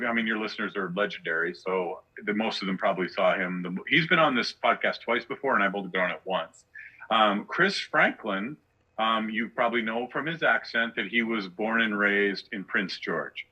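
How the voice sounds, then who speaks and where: Male comedian, sarcastic ranter, bright tense tone, dull lo-fi audio. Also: on the low side, animated, normal speed, slightly rough. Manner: ranting, sarcastic, rhetorical questions. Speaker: guest comedian. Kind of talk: casual podcast chat.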